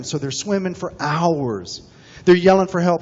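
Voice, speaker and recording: A man preaching a sermon as senior minister in a chapel, folksy and animated as he tells stories. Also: fairly high pitch, moderate pace, slightly rough. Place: chapel sanctuary. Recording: dull recording, long hall reverb.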